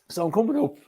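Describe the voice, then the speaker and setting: A man's voice: high-pitched, breathy edge. An Irish man, a guest on a show, telling a story in casual chat, with lots of fillers and the odd swear word.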